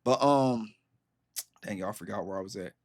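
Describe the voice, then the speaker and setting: A man's voice: fairly low pitch, moderate pace. Man, thirties, casual reaction commentary, loose and rambling, lots of fillers. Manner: loose, rambling, heavy on fillers like "you know what I'm saying". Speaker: reaction channel host.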